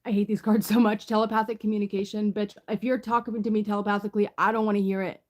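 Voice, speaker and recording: A woman's voice: medium pitch, flat delivery, fast talker, darkish tone. A woman reading tarot in a casual, rambling chat, full of fillers and swearing. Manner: chatty, profane, rambling with many fillers. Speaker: tarot reader.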